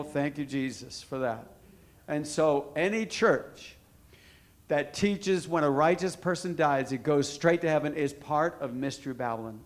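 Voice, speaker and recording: A man preaching a sermon to a congregation, emphatic, asking questions and answering them himself. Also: a little high.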